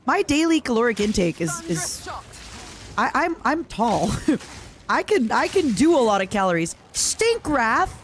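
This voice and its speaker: A woman's voice: a little high, very animated, a little slow, over music. A young woman streaming a video game, chatting in a rambling, casual way and answering her viewers. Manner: rambling, chatty, reads out chat messages. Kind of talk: casual chat while playing a video game.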